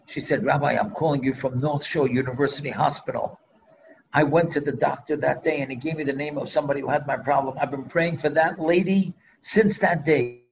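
A man's voice: medium pitch, a little fast, creaky, dull audio, slight background noise. An older man, a rabbi, preaching earnestly and telling a story, with Hebrew phrases woven in. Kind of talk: sermon with storytelling.

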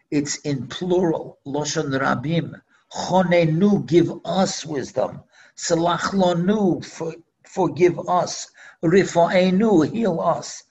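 A man's voice: mid-range voice, vocal fry, lo-fi sound. An older man, a rabbi, preaching earnestly and telling a story, with Hebrew phrases woven in. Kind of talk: sermon with storytelling.

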